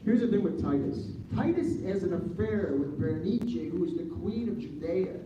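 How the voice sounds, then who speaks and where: A man talking casually as an interview guest, telling rambling, animated stories with lots of restarts. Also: high voice, moderate pace. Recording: distant mic, echoey room, dull sound, faint noise.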